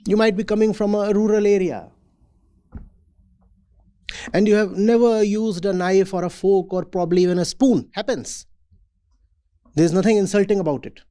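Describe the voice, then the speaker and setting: A man speaks to a room of students in a calm, deliberate lecture. His voice is mellow and warm, and he lands each point with emphasis before asking a rhetorical question. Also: sits high. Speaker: spiritual teacher. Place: university event hall.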